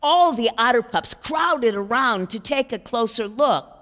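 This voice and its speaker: A woman reads a children's storybook aloud with expressive storytelling. Her voice is high and lively, moving at a slow, deliberate pace. Long reverb rings around her with soft music beneath.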